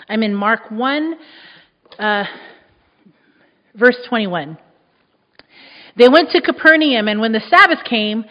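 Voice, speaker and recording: A woman pastor delivering a sermon with a fairly high voice, stressing her points and repeating phrases as her volume swells and falls. The sound rings in a long hall reverb and comes through dull and muffled. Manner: emphatic, repeats key phrases, swings between loud and soft.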